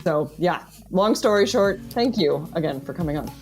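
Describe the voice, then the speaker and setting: A woman's voice: on the low side, lively intonation, moderate pace, loud music behind the voice. A woman hosting a podcast who laughs easily while wrapping up and then reads the closing announcements. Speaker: podcast host. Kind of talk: podcast interview and scripted outro.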